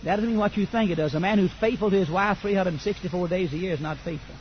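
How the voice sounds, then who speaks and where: An older man, preaching a sermon that swings from quiet asides to loud fervent declaration. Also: high voice, fast, lo-fi sound, slight background noise.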